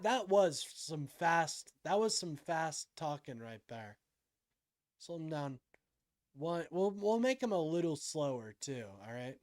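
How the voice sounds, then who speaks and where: A man hosting a live stream, reacting to a clip with incredulous, mocking remarks and thinking aloud. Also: a little high. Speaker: livestream host.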